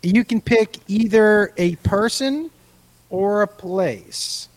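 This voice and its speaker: A woman's voice: mid-range voice, slow pace, a little mellow. A woman hosting a casual comedic live chat, rambling and cutting herself off, often laughing. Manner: rambling, self-interrupting, laughing. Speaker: host.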